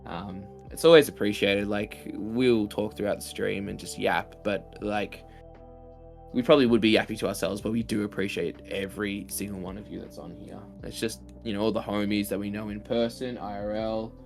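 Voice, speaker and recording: A man co-hosting a card game livestream in a low, laid-back voice. He rambles casually to the viewers and often goes quieter. Soft music plays faintly in the background. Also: moderate pace, vocal fry. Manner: relaxed, rambling, drops to quiet asides. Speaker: co-host and commentator.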